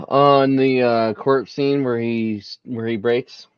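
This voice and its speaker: A man's voice: medium pitch, fairly even intonation, slow pace, smooth, no echo, lo-fi sound. A man co-hosting a casual pop culture discussion over a video call. He rambles and restarts his sentences often. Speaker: podcast co-host.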